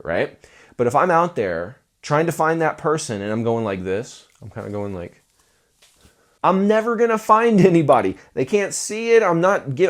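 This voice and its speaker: A man coaching musicians in a casual talking-head video, his pitch swooping widely as he talks. He is playful and animated and acts out mock sales pitches in a put-on voice.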